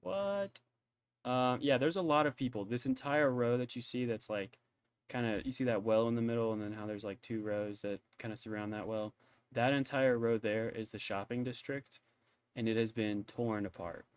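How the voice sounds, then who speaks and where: A man's voice: medium pitch, steady tone, moderate pace, smooth. A man narrating as game master, rambling along with many hesitant fillers.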